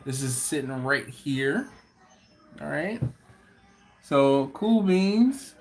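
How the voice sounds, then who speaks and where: A man's voice: fairly high pitch, animated, faint music behind. A man hosting a live-stream Q&A for his barbecue channel, telling stories at an easy pace and acting out what people said. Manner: unhurried, laughing storyteller who acts out quotes.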